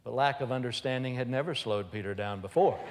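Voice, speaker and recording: In a church, a man preaches an animated, humorous storytelling sermon, acting out the voices of the people in his story. His mid-range voice is fast, and the big-room sound is very noisy.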